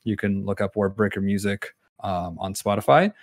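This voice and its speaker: A man's voice: lowish voice, normal speed, dry recording, studio quality. A man chatting as a podcast guest, easygoing and full of fillers. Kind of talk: casual podcast chat.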